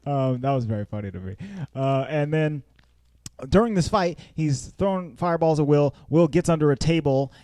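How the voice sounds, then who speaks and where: A man's voice: animated, moderate pace, darkish tone, dry recording. Guy hosting a movie podcast, dead dry mic, laughs a lot and does silly voices. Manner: laughs often, acts out characters in high silly voices. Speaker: podcast host. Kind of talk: casual movie review chat.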